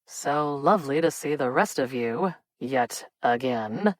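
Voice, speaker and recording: Picture a smug young playboy drawling lines to charm a table of guests, as a woman narrator puts him on. The voice sits deep and unhurried, each word stretched with self-satisfaction. It is recorded dry and close, with no room around it. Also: lively intonation, no echo. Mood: teasing. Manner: slow, drawling and theatrical. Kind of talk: audiobook character reading.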